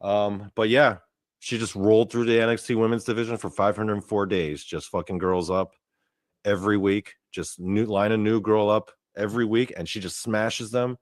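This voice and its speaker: A male host giving rambling, profane, excitable commentary over wrestling footage. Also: on the low side, moderate pace.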